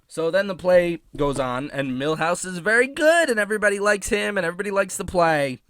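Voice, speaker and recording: A man hosting a comedic episode recap, sarcastic and profane with deadpan asides. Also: fairly high pitch, a little fast, few pauses, dry recording, clean studio sound. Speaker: host.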